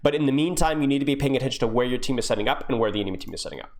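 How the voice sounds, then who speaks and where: Young man, game coach on a live stream, casual and joking, lively pitch. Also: rapid-fire. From United States. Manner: casual, joking, chats to viewers.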